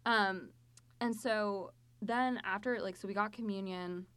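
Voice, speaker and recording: A woman chatting casually about a book and telling a story, full of fillers and lively asides. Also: mid-range voice, measured pace, clean tone, no room sound.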